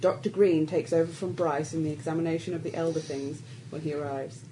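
A woman's voice: sits low, fairly even intonation, a little fast, mellow, slight background noise, rough recording. Woman reading out a game session. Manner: casual, teasing, laughs while reading. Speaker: stand-in game master. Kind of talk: reading out a tabletop game scenario.

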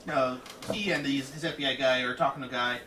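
A man running a tabletop game as game master, chatting in halting restarts with his players. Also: mid-range voice, fairly even intonation, bright, forceful tone. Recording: roomy, distant mic, light noise.

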